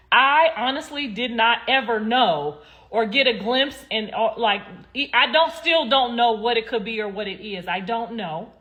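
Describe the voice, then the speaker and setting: A young adult woman with a medium-pitched, slightly bright voice hosts a laid-back livestream. She's sassy and blunt, rambles straight to her viewers, and swears freely.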